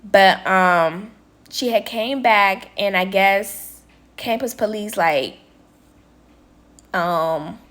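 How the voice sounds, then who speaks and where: A young woman vlogger telling a story in casual chat, talking straight to her viewers and quoting people in lively voices. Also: medium pitch, drawn-out words, pauses often. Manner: chatty, addresses viewers as y'all, quotes people with lively voices. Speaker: vlogger and nail tech.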